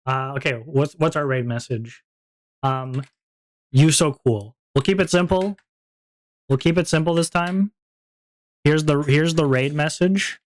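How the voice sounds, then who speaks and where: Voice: mid-range voice, measured pace, pauses often. Giggly, rambling streamer. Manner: rambling, giggly, lots of fillers. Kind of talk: casual stream chat.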